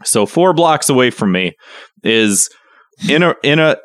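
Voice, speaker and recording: A man's voice: medium pitch, animated, measured pace, dry recording, studio quality. Ranting man on a podcast. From Chicago. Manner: rants with mock outrage, rising to near shouting. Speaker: podcast co-host. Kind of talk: casual podcast chat.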